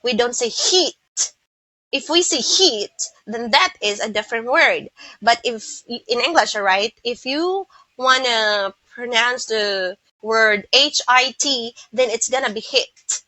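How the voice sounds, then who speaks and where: A Filipino woman teaching English pronunciation, who speaks slowly and repeats words so listeners can copy them. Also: on the high side, sharp tone, no echo, low-quality recording. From Philippines. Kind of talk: pronunciation lesson.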